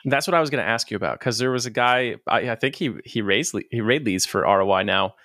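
A man hosting a podcast, asking quick, loose questions with casual swearing. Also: medium pitch, fairly bright tone, dry recording, studio quality. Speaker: podcast host. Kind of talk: casual interview.

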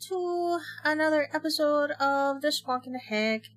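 A woman's voice: high-pitched, measured pace, a bit bright, rough recording. Woman podcast co-host, playful, jokey banter. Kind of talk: casual chat.

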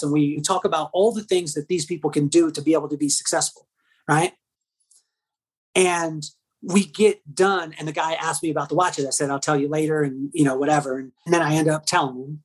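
A man tells a personal story at a quick clip, his voice a little husky. He jumps in pitch as he acts out what each person said. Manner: fast, lively, acts out dialogue with shifting pitch. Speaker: hairstylist telling a story.

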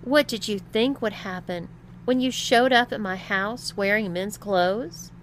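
A woman voicing a mean young woman with a husky voice who taunts and mocks. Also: mid-range voice, measured pace, a bit bright, a little hiss or hum, natural voice. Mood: taunting. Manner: mocking, teasing.

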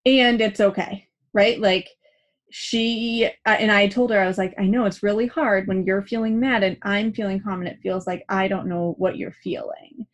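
A woman's voice: mid-range voice, fairly even intonation, moderate pace. Chatty woman giving parenting advice. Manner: chatty, acts out quoted dialogue, many "like" fillers. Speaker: parenting podcast host. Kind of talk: casual advice chat.

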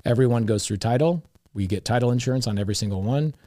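A man's voice: medium pitch, fast, dry recording, studio quality. A middle-aged man, an investor guest, telling casual stories and acting out the dialogue in them. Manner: animated, acts out quoted dialogue. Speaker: real estate investor guest. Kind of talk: casual storytelling.

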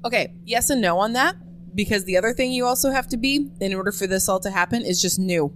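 A woman's voice: mid-range voice, quick pace, a little hiss or hum. A woman co-hosting a podcast, chatting casually in a teasing, sarcastic, joking way. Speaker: podcast co-host. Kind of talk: casual chat.

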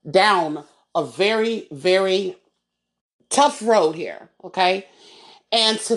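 A woman hosting a solo podcast, talking in a heated, emphatic way and often repeating words and restarting. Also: mid-range voice. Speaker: podcast host.

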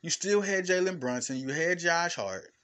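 A man hosting a solo sports podcast as a basketball analyst, talking in an animated, emphatic way with slangy phrasing and frequent stammered restarts. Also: fairly high pitch, normal speed. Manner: informal slangy speech, addressing fans directly. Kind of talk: casual solo podcast talk.

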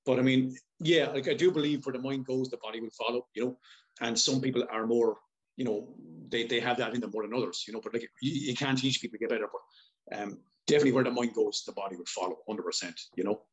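An Irish man chatting as a podcast guest, swearing freely and telling animated stories. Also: medium pitch, quick pace, poor audio. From Ireland. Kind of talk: casual podcast chat.

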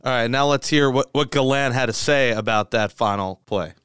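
A man hosting a sports talk show, conversational and brisk. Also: medium pitch, very noisy. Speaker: host.

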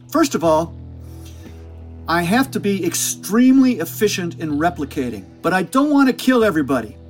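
Guy doing an old doctor talking like a sneaky villain virus, way higher and louder than his own voice, emphatic. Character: older male doctor voicing a scheming virus.

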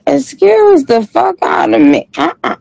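A man's voice: fairly high pitch, creaky, a little mellow, no room sound, rough recording. A man doing a comic impression of a sassy, tired female rap star who reads live chat comments on a late-night stream, with a drawling, profane manner.

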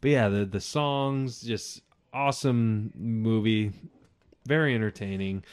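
A man's voice: lowish voice, takes it slowly, smooth. A young man co-hosting a casual movie review chat, loose and easygoing, with many fillers, and he has the hiccups. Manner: relaxed, loose, lots of fillers and "like". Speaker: podcast co-host.

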